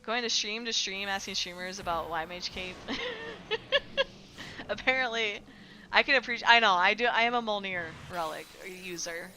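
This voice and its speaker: A woman's voice: mid-range voice, normal speed, bright, forceful tone, faint music behind. A woman streamer chatting casually with her live chat, rambling with lots of filler words and casual swearing.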